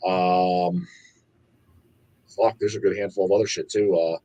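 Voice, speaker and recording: A man guesting on a podcast from a record label, chatting casually in an animated, profane way and acting out his own reactions. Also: low-pitched, a little slow, highs cut off. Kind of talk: casual chat.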